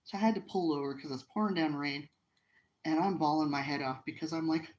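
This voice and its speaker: A middle-aged woman from the United States talks with a low, deep voice. She tells a personal story casually and earnestly, with emotion and frequent restarts. She is hosting a live stream from home by the fire. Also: fairly quick, a little mellow, rough recording. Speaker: livestream host.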